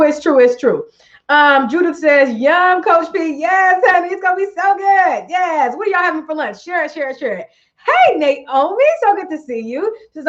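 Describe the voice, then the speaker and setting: An upbeat woman coach chatting on a live stream, warmly reading viewers' comments aloud and repeating her phrases for emphasis. Her voice sits a little high. The sound is dull and lo-fi, like stream audio.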